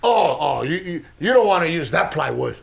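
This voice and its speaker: A man's voice: on the high side, very animated, moderate pace, gravelly, full character voice. A man putting on the voice of a bossy, know-it-all older father-in-law who insists on doing everything his way. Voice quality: insistent, overbearing.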